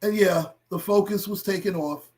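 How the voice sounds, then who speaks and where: A middle-aged man hosting a livestream and talking to his chat, impassioned and blunt, with profanity that builds into shouting. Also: high-pitched, normal speed. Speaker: livestream host.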